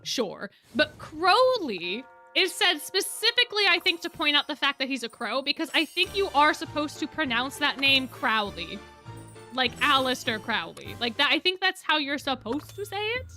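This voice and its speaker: Excitable high-voiced young woman streamer. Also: normal speed, soft background music. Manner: excitable, repeats herself, gushing fan talk. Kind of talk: casual reaction chat. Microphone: desk mic.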